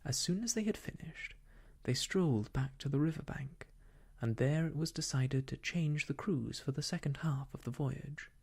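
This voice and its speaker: A storyteller reading an old children's book aloud softly as a whispered role-play for sleep. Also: medium pitch, creaky, husky. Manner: soft, slow bedtime reading.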